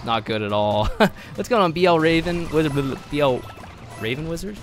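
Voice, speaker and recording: A man live-streaming gameplay, chatting with viewers in an excitable, gushing way and laughing often, flustered. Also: a little high, moderate pace, over music.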